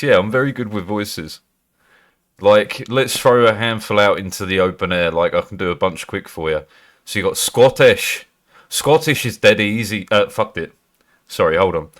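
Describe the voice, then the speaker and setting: Man from Britain, live streamer, low-ish voice, loose chat with lots of swearing. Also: moderate pace. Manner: swears freely, laughs, loose and chatty. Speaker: livestreamer.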